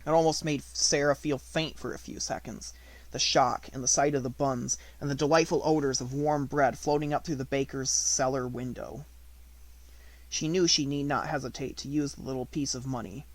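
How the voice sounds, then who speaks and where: A man reading an unabridged audiobook in a measured storytelling manner, slowing on descriptive words. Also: mid-range voice, fairly even intonation. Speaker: audiobook reader.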